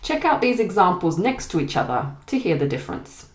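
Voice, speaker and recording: A British woman with a southern English accent, teaching pronunciation in a clear, deliberate way. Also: on the low side, big pitch swings. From Britain. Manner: clear, deliberate, contrasts words slowly. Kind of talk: scripted pronunciation lesson. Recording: echoey room.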